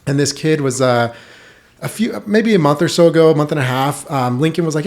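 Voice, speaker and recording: A man talking as a podcast guest in casual chat, telling lively stories and saying "like" a lot. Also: fairly high pitch, quick pace. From United States. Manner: animated storytelling, heavy use of "like".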